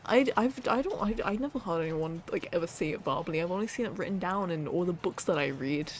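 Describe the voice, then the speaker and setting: A woman's voice: fairly low pitch, animated, fast talker, slight background noise. A woman streaming casually, reading viewer submissions aloud and repeating words with a playful laugh.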